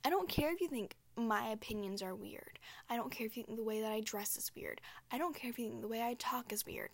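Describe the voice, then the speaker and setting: A woman's voice: a little high, a little fast, no echo. A young woman talking casually and candidly on her own, profane and emphatic, full of "like" fillers. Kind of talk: casual solo talk.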